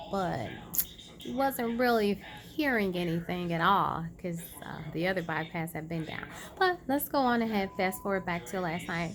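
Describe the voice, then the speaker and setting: A woman vlogger casually retelling a personal story, chatty and animated, acting out quoted dialogue. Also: fairly low pitch, moderate pace. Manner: many fillers and restarts.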